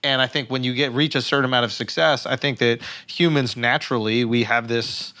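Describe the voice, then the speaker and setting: A male podcast host talks things through with his guest, offering steady, reflective encouragement. His voice sits at an ordinary middle pitch. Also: brisk. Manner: affirming, reflective. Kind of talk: casual podcast conversation.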